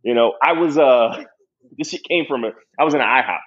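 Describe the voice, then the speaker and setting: A man's voice: mid-range voice, fairly quick, breathy edge, lo-fi sound. A young man telling a story in casual, profane chat, laughing often.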